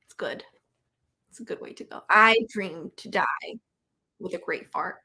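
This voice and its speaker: Playful co-host woman, bright and slightly husky, casual chat. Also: lowish voice, measured pace. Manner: playful, teasing. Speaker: co-host, partner.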